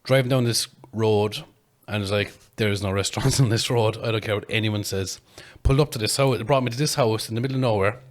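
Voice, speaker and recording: A man, a podcast host telling a long story in casual chat, animated and laughing, with plenty of swearing. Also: on the low side, fast, hardly any pauses.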